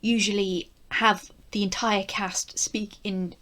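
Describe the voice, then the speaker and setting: A woman's voice: medium pitch, level tone, slow, a bit bright. A woman with a posh East Midlands English accent, giving a chatty, wry spoken review with asides. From England. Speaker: video reviewer.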